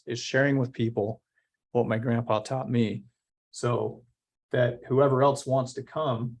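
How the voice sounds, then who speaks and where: A company founder answering interview questions in an earnest, motivational way, slowing down to stress key points. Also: male voice, medium pitch.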